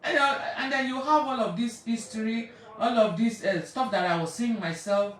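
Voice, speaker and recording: A woman's voice: a little high, fairly even intonation, moderate pace. A woman telling stories in a rambling, chatty way on a live stream, laughing often and stopping to greet viewers. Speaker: spiritual practitioner. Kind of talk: casual storytelling on a live stream. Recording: very echoey room, far from mic.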